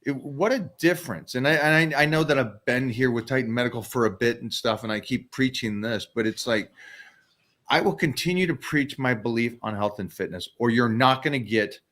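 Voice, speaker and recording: A man in his sixties hosts a casual chat, speaking at a medium pitch. He rambles emphatically, often repeating himself and restarting sentences. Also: a little fast, a bit bright. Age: 60s. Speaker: show host.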